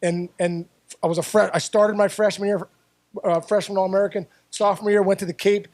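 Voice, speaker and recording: A man with a high voice talks fairly quickly. He's a former baseball player from the Pittsburgh area, a guest in an interview, animatedly telling stories full of repeated words and restarts.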